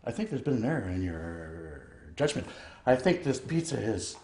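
A man's voice: lowish voice, sing-song, normal speed, darkish tone. An actor playing a washed-up film star turned pizza delivery man, hesitant and stammering, then ranting. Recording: echoey room with noise.

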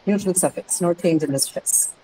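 A woman's voice: fairly low pitch, moderate pace, dark tone, slight background noise, poor audio. A woman English teacher taking an online class, explaining word stress patiently and confirming answers with "correct" and "that's right".

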